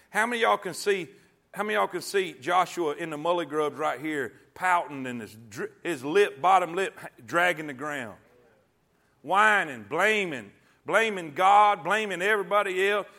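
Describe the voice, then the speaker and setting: A middle-aged man preaching a sermon in a folksy call-and-response way, with loud bursts when he quotes God. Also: high-pitched. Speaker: pastor. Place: church sanctuary.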